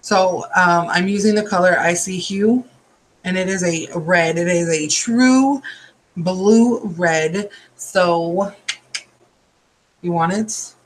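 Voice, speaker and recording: A man's voice: high-pitched, slow, low-quality recording. A tired man hosting a nail art tutorial, chatting casually and drifting into rambling asides while he works.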